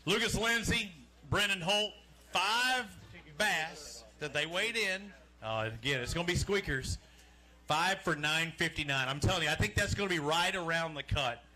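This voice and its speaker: Man, fishing weigh-in emcee, sharp bright tone, slightly high voice, joking and chatty. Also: lively intonation, moderate pace. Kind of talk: live event hosting. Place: outdoor lakeside weigh-in stage.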